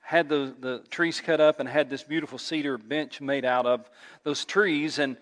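A man preaching as a pastor, telling a funny story with animated delivery before his sermon. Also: on the high side, moderate pace. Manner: animated storyteller who laughs at his own tale. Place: church sanctuary. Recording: long church reverb.

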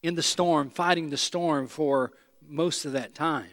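A man preaching a sermon in a voice that sits a little high for a man. He swings from loud emphatic lines to hushed low ones and repeats phrases as he addresses the congregation directly. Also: a little slow. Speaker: pastor.

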